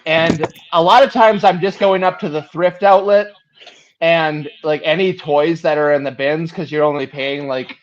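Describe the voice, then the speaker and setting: A man with a fairly high voice talks through his toy builds on a casual online call, halting and restarting with plenty of fillers. The sound is dull and muffled, as over a weak connection. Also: steady tone, slight background noise. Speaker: guest showing his toy diorama.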